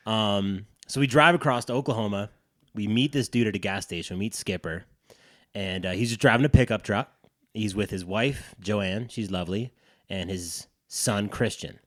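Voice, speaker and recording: A man co-hosting a podcast, telling an animated, profane story in casual chat. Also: lowish voice, moderate pace, dry recording, studio quality. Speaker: podcast co-host.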